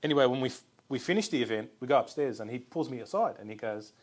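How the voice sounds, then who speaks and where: A man co-hosting a podcast, telling lively anecdotes with laughs in casual conversation. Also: medium pitch, fast talker. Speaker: podcast co-host.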